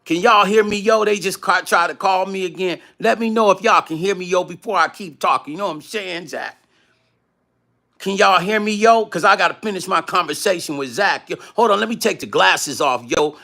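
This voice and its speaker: A man's voice: sits high, fairly quick, creaky, sharp tone, full character voice. A man voicing a brash young New York homeboy with a New York accent, slangy and forever saying yo and hold up. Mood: hyped.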